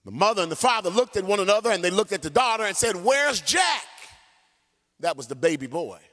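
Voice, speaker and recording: A man pastor preaching a sermon and telling a story in an animated way, sometimes singing his phrases. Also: high voice, racing. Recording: long church hall reverb.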